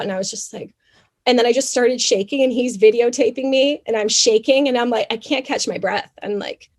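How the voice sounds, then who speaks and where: A young adult woman from Canada, a podcast guest telling a story in an animated, chatty way with many fillers. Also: medium pitch. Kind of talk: casual interview storytelling.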